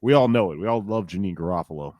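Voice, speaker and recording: A man in his forties co-hosting a podcast, chatting casually in a rambling, animated and profane way. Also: deep voice, fast talker, no echo. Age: 40s. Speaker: podcast co-host.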